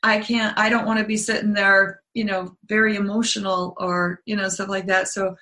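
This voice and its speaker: Earnest woman author, bright voice. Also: mid-range voice, level tone, normal speed. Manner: earnest, explains at length, trailing restarts. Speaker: guest author. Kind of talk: casual interview chat.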